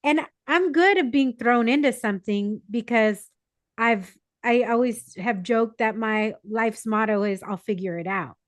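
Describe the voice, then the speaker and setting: A woman's voice: fairly high pitch, a little slow, no echo. Chatty woman podcast host. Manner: chatty, rambling, self-deprecating humor. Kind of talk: casual conversation.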